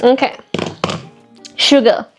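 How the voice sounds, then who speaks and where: A woman's voice: slow pace, music in the background. A woman vlogging casually while cooking in a home kitchen, chatty and self-mocking as she talks to herself. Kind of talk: casual cooking vlog chat.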